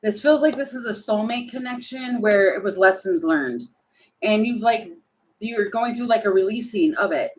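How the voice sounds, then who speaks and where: A woman's voice: mid-range voice, normal speed, a little hiss or hum, poor audio. A woman doing a casual tarot reading to camera at home, chatty and laughing, talking to herself between cards. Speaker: tarot reader.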